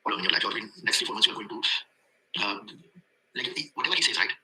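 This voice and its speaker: A man's voice: on the low side, expressive, rapid-fire, a crowd in the background, poor audio. A man with an Indian accent giving a rambling testimonial, repeating himself and filling gaps with "uh" as he speaks English as a second language. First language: not English. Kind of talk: casual testimonial.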